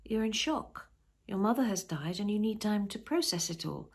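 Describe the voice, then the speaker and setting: A woman reading the lines of a kind, steady husband in a storybook, gentle and reassuring. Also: medium pitch, normal speed, breathy edge, voice pushed up. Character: kind, steady husband, middle-aged man.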